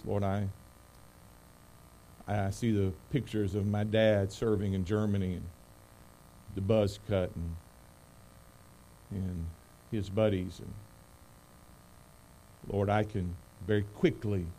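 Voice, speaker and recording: A man's voice: on the low side, steady tone, slow, long pauses, slight background noise. Emphatic man preaching a sermon. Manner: emphatic preaching, rising loud on key words; soft, hushed prayer. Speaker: pastor. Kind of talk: sermon with scripture reading and prayer.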